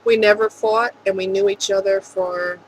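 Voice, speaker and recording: A woman speaking earnestly and emotionally in a rambling vlog monologue, with soft laughs. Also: medium pitch, steady tone, moderate pace, slight background noise, low-quality recording. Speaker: vlogger.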